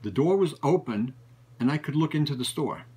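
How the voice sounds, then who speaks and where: A man's voice: fairly high pitch, expressive, fairly quick, dark tone, slightly rough, poor audio. A man, a book collector, telling stories in a rambling casual way, often repeating and restarting phrases. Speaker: book collector and show regular. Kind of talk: casual storytelling.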